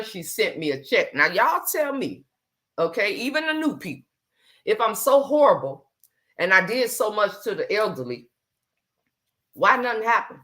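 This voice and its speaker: A woman's voice: lowish voice, bright, forceful tone. A woman hosting a livestream, talking emphatically and calling her viewers y'all. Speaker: livestream host. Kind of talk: casual livestream talk.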